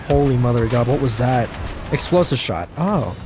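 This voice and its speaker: A young man giving casual, self-mocking commentary over his gameplay, his voice jumping high when things go wrong. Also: lively intonation, normal speed, noisy background. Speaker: gaming channel host. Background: game music and gunfire.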